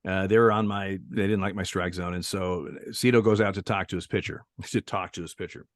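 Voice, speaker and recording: An older man in his sixties tells stories with frequent chuckles and restarts. He sounds like a retired umpire on an interview. His voice is low-pitched and recorded dry with no room sound. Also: steady tone, fairly quick, dry recording. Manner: chuckling storyteller with many restarts. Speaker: retired baseball umpire, guest. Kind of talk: casual anecdote telling in an interview.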